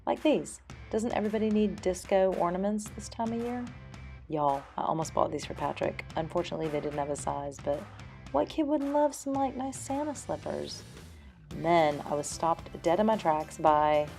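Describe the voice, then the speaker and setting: Creaky-voiced American woman narrating. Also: low-pitched, dark tone. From United States. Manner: chatty, upbeat, giving homemaking tips. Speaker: vlogger. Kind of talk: voice-over narration.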